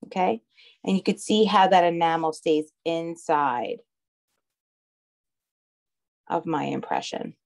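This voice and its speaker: A woman's voice: on the low side, normal speed, vocal fry, darkish tone. A woman with a heavy Long Island accent teaching a live online craft class, chatty and often checking in with her viewers. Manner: chatty, checks in with "okay?" and "all right". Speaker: craft instructor.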